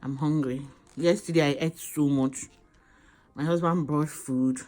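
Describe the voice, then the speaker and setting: A woman's voice: deep voice, fairly even intonation, unhurried, warm tone, faint music behind. A pregnant woman in a hospital room, tired while awaiting labor, chatting casually to camera and circling back to the same phrases. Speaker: vlogger.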